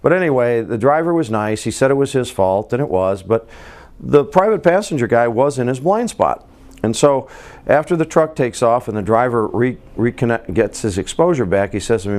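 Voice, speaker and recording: A man's voice: mid-range voice, expressive, normal speed, darkish tone. A man in his fifties hosting a podcast, talking earnestly in a casual monologue, telling stories and asking himself rhetorical questions. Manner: earnest, storytelling with repeated restarts. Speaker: podcast host.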